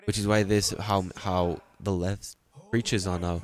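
A man's voice: low-pitched, little pitch movement, unhurried, few pauses. A man preaching a sermon with an accent, drawing out words and rising into emphatic bursts. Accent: non-native English. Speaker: pastor.

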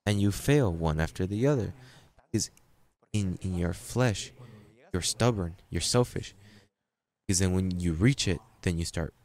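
A man preaching a sermon as pastor, emphatic and repetitive, with halting restarts and sudden jumps in pitch. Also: darkish tone.

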